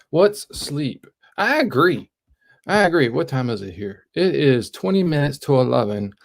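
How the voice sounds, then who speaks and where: A man's voice: medium pitch, big pitch swings, normal speed, creaky. Playful man chatting as a guest. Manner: playful, self-mocking banter. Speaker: guest on a live stream. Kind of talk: casual late-night live stream chat.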